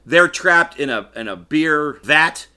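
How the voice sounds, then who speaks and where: Lively, bright man retelling movie scenes. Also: fairly high pitch, takes it slowly, smooth. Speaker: podcast guest. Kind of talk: casual chat.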